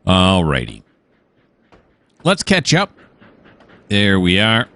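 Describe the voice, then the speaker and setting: A male gaming host gives casual let's-play commentary. His voice sits low but rises and falls in lively swings. He rambles, stops to muse aloud, and fills pauses with plenty of uhs. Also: no echo. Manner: rambling, easily distracted, musing aloud with many fillers.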